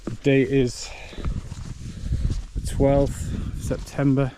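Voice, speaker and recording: A man's voice: mid-range voice, monotone, slow pace. A man walking and chatting casually as a hiking vlogger, a little short of breath, describing the route as he goes. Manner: chatty, self-deprecating, describes route as he walks. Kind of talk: casual vlog narration while walking. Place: outdoors on a rural hillside. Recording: noisy outdoor camera audio. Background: outdoor noise, wind and animals.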